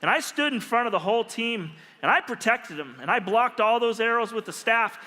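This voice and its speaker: Bright-voiced male pastor in a reverberant hall. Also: very high voice, brisk. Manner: animated, humorous storyteller. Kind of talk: storytelling sermon. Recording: long reverb of a large hall.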